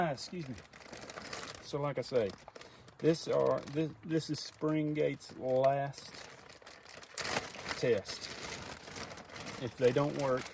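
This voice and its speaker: A man's voice: medium pitch, fairly even intonation, very slow, vocal fry, pauses often, noisy background. A young man filming himself on his farm, talking through his fencing work in a plainspoken, casual way. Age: young adult. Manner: plainspoken, thinks aloud while working. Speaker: farmer filming a farm vlog. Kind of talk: casual talk to camera. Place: outdoors on a farm field. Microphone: phone propped up nearby.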